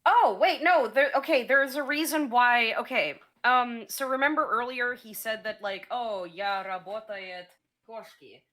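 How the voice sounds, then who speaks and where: A woman's voice: high voice, normal speed, hardly any pauses, fairly bright tone. A woman streamer chatting casually, explaining things in a hesitant way with many fillers and restarts.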